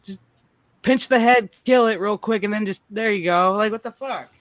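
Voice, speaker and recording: Man, casual stream chat, profane, animated storyteller, high voice. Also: moderate pace, dry recording. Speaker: streamer host.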